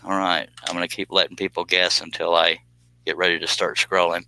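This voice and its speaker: A man's voice: low-pitched, level tone, a little fast, creaky, bright, forceful tone, a little hiss or hum, rough recording. A man, casually chatting and joking with viewers on a live stream while doing scroll saw work in his workshop.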